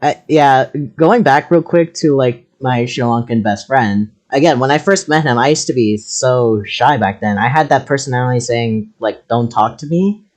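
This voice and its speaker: A man's voice: medium pitch, normal speed, few pauses. Easygoing young male podcast host. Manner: easygoing and laughing, with soft restarts. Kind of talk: casual chat.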